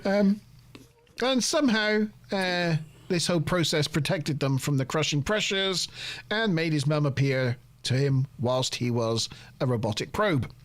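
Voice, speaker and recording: A man hosting a casual TV review podcast, recapping an episode in a rambling, self-deprecating way full of fillers. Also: medium pitch. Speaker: host of a TV review show.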